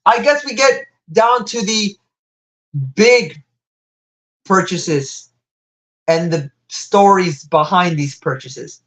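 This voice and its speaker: A young man with a slight Latin American Spanish accent streams a live toy unboxing. He gushes and rambles, and his voice leaps high whenever something delights him. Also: slow, pauses often, poor audio. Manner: excitable, gushing, wide pitch jumps.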